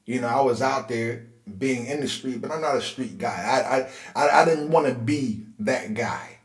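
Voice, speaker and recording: A man in his forties from Philadelphia telling a personal life story in a casual, conversational way, getting animated when he relives tense moments. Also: medium pitch, normal speed. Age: 40s. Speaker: host. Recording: roomy echo.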